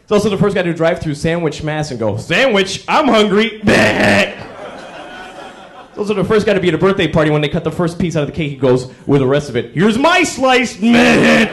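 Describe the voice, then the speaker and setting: A man doing a stand-up comedy routine, acting out quick character bits to a live crowd. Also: fairly high pitch, darkish tone. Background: audience laughter.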